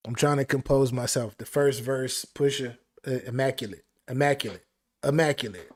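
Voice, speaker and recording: A man hosting a live album reaction stream, talking excitedly and repeating phrases. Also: mid-range voice, moderate pace. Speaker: music reaction host.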